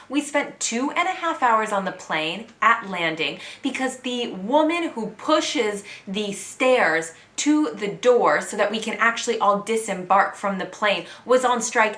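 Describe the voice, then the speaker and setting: A woman's voice: mid-range voice, expressive, normal speed, hardly any pauses, a bit bright, roomy sound. An American woman in her thirties chatting candidly to camera as a vlogger living abroad. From United States. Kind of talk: casual chat to camera.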